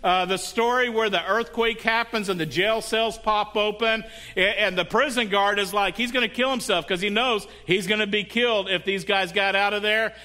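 A man's voice: sits high, fairly even intonation, moderate pace, pushed and bright. A male pastor preaching a sermon in a conversational way, often asking the congregation questions.

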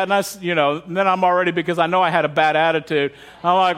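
A high-voiced male pastor preaches a sermon, telling candid and funny stories about his own faults. His delivery is frank and conversational, drawing the congregation in. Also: quick pace, few pauses, fairly bright tone, clean tone. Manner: candid, humorous storytelling.

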